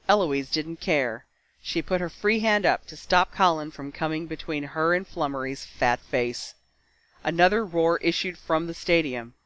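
Guy reading a story, kinda high voice, dry close recording. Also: a bit bright, no echo, rough recording. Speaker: narrator. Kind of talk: fan fiction audiobook reading.

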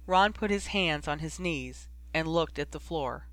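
A man reading fan fiction aloud in a steady, even narration. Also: on the high side, a little slow, few pauses, dry recording. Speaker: audiobook reader.

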